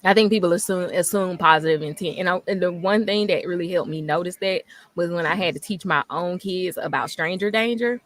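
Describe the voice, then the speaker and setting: A woman's voice: on the low side, fairly quick, hardly any pauses, no room sound. A woman, probably in her thirties and a mother, talking frankly and with plenty of swearing as a panelist in a casual group chat, laughing easily between points.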